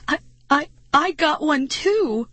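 A woman's voice: sits high, lively intonation, slow, fairly bright tone, dry recording, pitched above the performer's own voice, full character voice. A woman voicing a mocking, giggly prankster boy in a storybook reading. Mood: terrified. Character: teasing prankster boy, Marty.

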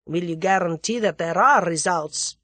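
A woman's voice: fairly low pitch, normal speed, fairly bright tone. A woman reading aloud, voicing a curt, businesslike male conspirator. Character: plotting Russian agent Boris, curt man.

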